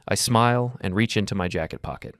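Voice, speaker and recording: A man narrating a first-person story in a calm, measured, coolly detached way. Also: on the low side.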